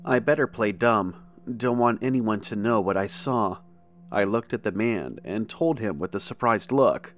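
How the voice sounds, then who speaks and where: A man telling a first-person horror story in a steady, measured narration. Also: lowish voice, soft background music.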